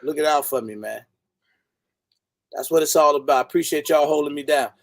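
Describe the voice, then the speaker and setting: A man's voice: on the high side, moderate pace, no echo. A man hosting a casual livestream, laid-back, greeting viewers by name. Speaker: livestream host. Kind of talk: casual live chat.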